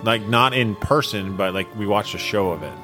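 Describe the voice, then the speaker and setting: Co-host, male, lower voice, rambling "like"-filled chat, faint music behind. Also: moderate pace. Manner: talks it through with lots of "like" and restarts. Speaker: podcast co-host. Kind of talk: casual podcast chat.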